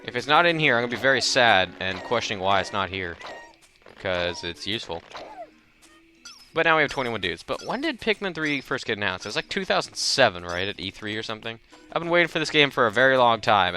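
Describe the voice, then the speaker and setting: A man's voice: fairly low pitch, sharp tone. A man hosting a let's play, giving casual, chatty and self-mocking commentary as he plays.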